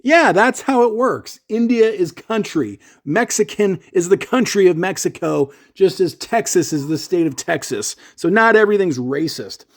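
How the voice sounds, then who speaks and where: A man's voice: high-pitched, expressive, normal speed, few pauses. A man from Canada telling a rambling, chatty story to camera about shipping his gear. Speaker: gear vlogger.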